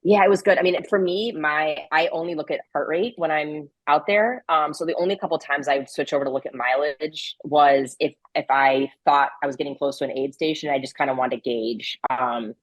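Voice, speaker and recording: Low-voiced chatty woman, dry sound. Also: brisk, few pauses, dry recording, low-quality recording. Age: adult with a grown daughter. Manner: chatty, filler-heavy, laughs often. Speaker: interview guest, ultrarunner. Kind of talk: casual podcast interview.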